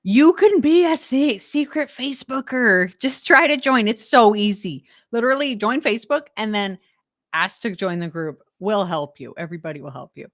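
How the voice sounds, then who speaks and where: This Canadian-accented woman from Western Canada runs a decluttering livestream, laughing a lot as she talks casually and eagerly with her viewers. Her mid-range voice moves at a moderate pace, and the studio sound is clean without echo.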